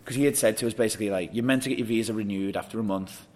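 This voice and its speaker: A young man with a lowish voice tells a long anecdote in relaxed conversation. He laughs often and acts out what other people said as he goes. The talk is casual and lively. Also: very fast. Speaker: guest. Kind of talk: casual storytelling chat.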